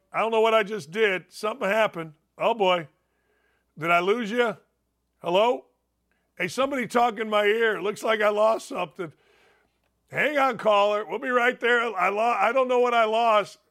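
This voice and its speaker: A man hosting a sports talk show, fired up and enthusiastic, talking loudly and making sarcastic asides. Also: high voice, normal speed. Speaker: show host.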